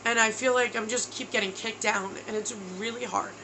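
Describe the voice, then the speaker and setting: A woman's voice: on the high side, steady tone, a little fast, background noise. A woman in her thirties from New York, telling a personal video diary in a candid, emotional way, tired and close to tears. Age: 30s. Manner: candid, emotional, says bro. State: tearful, exhausted. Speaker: vlogger.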